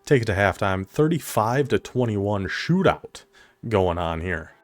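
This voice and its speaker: A man giving casual play-by-play commentary on a football video game, excitable and quick to laugh. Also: lowish voice, no room sound, faint music behind. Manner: excitable, laughs often, talks to the viewer. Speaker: commentator of an online video game dynasty league.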